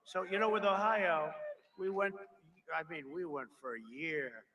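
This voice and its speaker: A man's voice: high voice, animated, measured pace, pushed and bright. A man giving a rambling, boastful campaign rally speech at a podium microphone, full of repeated asides. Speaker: politician. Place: large rally crowd. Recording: noisy live rally recording.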